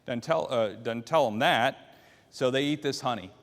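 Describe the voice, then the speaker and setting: A man's voice: medium pitch, normal speed, a bit bright, big-room sound. A man teaching a Bible class, walking listeners through the story by quizzing them with questions. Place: church classroom.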